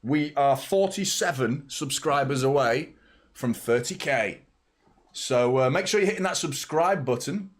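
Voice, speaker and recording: A man's voice: medium pitch, lively intonation, measured pace. Guy in his 30s doing a football watchalong stream, casual rambling chat, reading out super chats.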